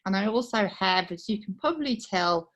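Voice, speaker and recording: A middle-aged woman with a British accent and a faint Australian twang, soft-spoken, telling a personal story to a speaking club over a video call. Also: medium pitch, expressive, moderate pace. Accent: British with a slight Australian twang. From United Kingdom. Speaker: guest speaker.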